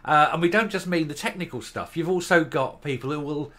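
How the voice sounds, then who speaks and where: A man's voice: on the high side, brisk, a bit bright. An older man hosting an opinion commentary show, scornful and sarcastic, firing off rhetorical questions. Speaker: host.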